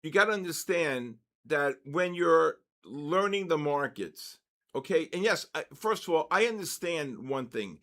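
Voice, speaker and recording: Male, 60s, veteran trading host; slightly raised pitch, forceful lecturing delivery with constant check-ins. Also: animated, a little slow. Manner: emphatic, lecturing, repeats points with "okay?" and "all right?". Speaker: trading educator hosting a live session. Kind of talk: live-streamed trading lecture.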